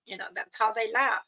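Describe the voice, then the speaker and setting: Mom telling a story real slow, laughs a lot, does little kid voices, higher voice. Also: female voice, bright, forceful tone, poor audio. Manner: chatty, laughs often, acts out her children's voices. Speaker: mother telling a personal story. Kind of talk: casual spoken storytelling.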